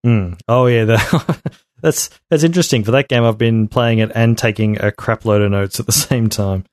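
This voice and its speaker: A man's voice: lowish voice, normal speed, dry recording, studio quality. A man co-hosting a casual gaming podcast in a laid-back way, often giving short agreeing replies. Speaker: podcast co-host. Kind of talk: casual chat.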